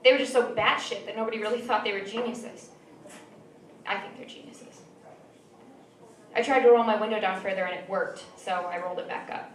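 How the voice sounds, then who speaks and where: A young woman reading her own short story aloud at a live event, in a measured, dry storytelling manner. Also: medium pitch, fairly even intonation, slight background noise. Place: small venue. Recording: roomy, distant mic with faint ambience.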